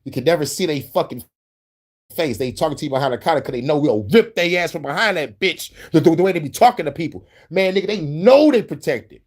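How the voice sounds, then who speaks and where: Talking quickly and with plenty of animation, this male host reacts to clips in a loose, foul-mouthed way. He wanders off on tangents, laughs frequently, and breaks into squeaky bits.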